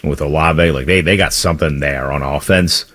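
A man's voice: a bass voice, fairly even intonation, normal speed, fairly bright tone. A man co-hosting sports talk radio in casual, joking banter.

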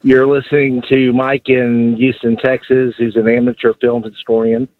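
A man calling in to a sports radio show, rambling and halting with many fillers. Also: medium pitch, flat delivery. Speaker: caller. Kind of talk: phone-in chat. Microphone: telephone. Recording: dry tinny phone line.

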